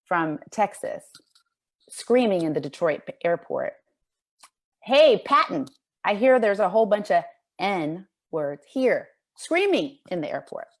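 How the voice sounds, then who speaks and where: A woman in her fifties giving a guest speech, telling a personal story earnestly and emphatically, her voice climbing high as she presses rhetorical questions. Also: darkish tone. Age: 50s. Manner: voice rises high when impassioned. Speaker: guest speaker.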